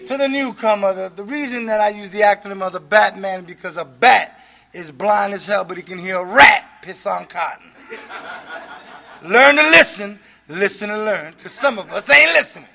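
A man sharing his recovery story at an addicts' meeting in a preachy style, often shouting for emphasis and laughing between points. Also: high voice, moderate pace, creaky. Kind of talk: recovery testimony.

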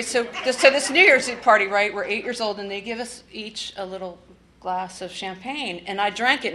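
A woman from the Washington, D.C. area gives personal testimony about her recovery, speaking candidly and bluntly with wry humor and some swearing. Her mid-range voice sounds pushed and bright, with slight background noise.

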